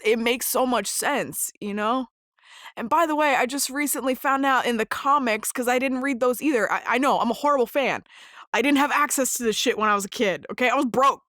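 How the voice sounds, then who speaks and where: A woman's voice: high voice, pushed and bright, dry recording, clean studio sound. A young adult woman hosting a casual solo podcast, gushing and laughing as she talks, swearing freely. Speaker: podcast host.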